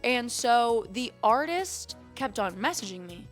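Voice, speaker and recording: A woman's voice: on the high side, very animated, unhurried, faint music behind. A young woman streamer telling a candid, emotional story on her vlog, swearing casually and near tears. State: close to tears. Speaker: streamer and vlogger.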